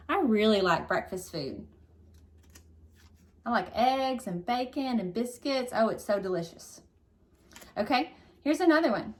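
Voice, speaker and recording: A woman's voice: fairly high pitch, lively intonation, unhurried, a bit bright. A woman teaching a recorded phonics lesson to young children, upbeat and encouraging, stretching out syllables. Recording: echoey room, distant mic.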